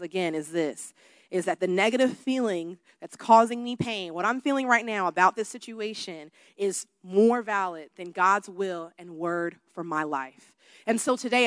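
A woman who is a worship leader preaching a sermon to a congregation, switching between soft talk and loud shouted emphasis. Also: mid-range voice, no echo. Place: church room with a congregation.

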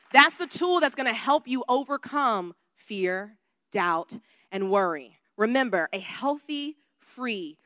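Woman preacher, bright voice, dry close sound, emphatic sermon, soft talk then loud shouting. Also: medium pitch, no echo. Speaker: worship leader and preacher. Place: church room with a congregation.

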